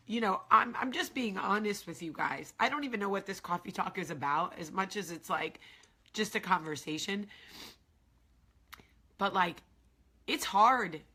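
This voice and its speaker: A woman's voice: medium pitch, sharp tone, breathy edge. A forty-year-old woman hosting a confessional vlog, talking candidly and tearfully, repeating herself and dropping into whispers. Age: 40s. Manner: raw, candid, repetitive, with whispered asides. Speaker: vlog host. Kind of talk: emotional confessional vlog talk.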